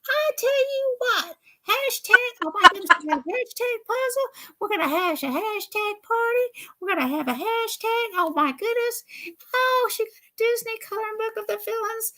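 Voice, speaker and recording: A woman's voice: moderate pace, pushed and bright. Woman doing a squealing, chattery girl puppet. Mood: excited. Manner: high squealing exclamations, fussy and chattery. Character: excitable gossipy female puppet. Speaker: puppet character.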